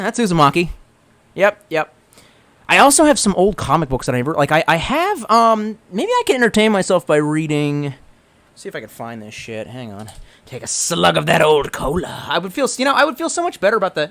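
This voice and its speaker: Chatting casually on a livestream, a man with a high voice talks fairly quickly, reading chat aloud and rambling with plenty of swearing. He stammers through restarts and swings between excitement and gloom.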